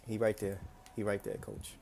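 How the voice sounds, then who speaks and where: A man's voice: fairly low pitch, flat delivery, normal speed, a little mellow, a little hiss or hum. A man streaming a video game, repeating short phrases to himself as he plays. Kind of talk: casual gameplay commentary.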